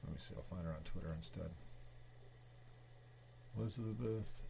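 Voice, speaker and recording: A male host with a lowish voice rambles through casual chat on his show. He swears freely and wanders from thought to thought. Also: normal speed, vocal fry, noisy background. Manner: rambling, profane.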